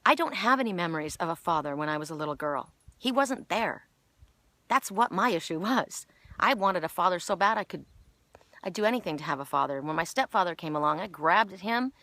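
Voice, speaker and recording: A woman's voice: lowish voice, expressive, fairly quick, sharp tone, no echo. Middle-aged woman, choked up, rambling heartfelt outdoor vlog talk. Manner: emotional, rambling, many restarts. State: choked up, tearful. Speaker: spiritual oracle vlogger. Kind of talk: casual outdoor vlog monologue. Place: outdoors sitting on a woodchip pile by a park.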